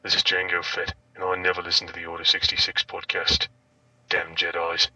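A man voicing a gruff, scornful armored bounty hunter with a low, flat, menacing delivery, heard in a promo clip. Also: brisk, distant mic, rough recording.

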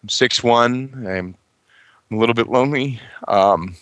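A man chatting casually on a gaming podcast, rambling and joking, quick to laugh. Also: mid-range voice, fairly bright tone, dry recording. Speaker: tabletop game master on a gaming podcast.

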